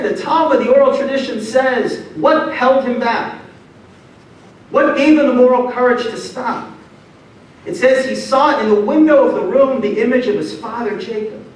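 A rabbi giving a motivational talk to an audience, telling stories in a lively way and quizzing the listeners. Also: male voice, sits high, slight background noise. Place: large hall before an audience. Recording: echoey hall, distant mic.

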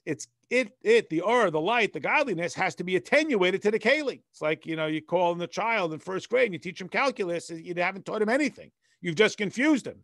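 A man's voice: high-pitched, a bit bright, dry recording, studio quality. A man, a rabbi, leading a text study class. He reads passages in Hebrew and explains them in plain, conversational English with everyday analogies. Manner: conversational, patient teacher.

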